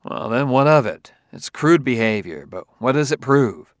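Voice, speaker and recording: A man's voice: medium pitch, big pitch swings, normal speed, no room sound. A man doing an uneasy, wry detective.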